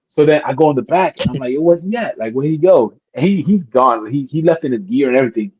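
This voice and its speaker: An animated man telling stories as a guest, his voice jumping in pitch as he acts out other people. The sound is dry and a bit dull, like a remote call. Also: fast, slightly rough, no echo. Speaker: guest wrestler. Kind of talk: casual storytelling interview.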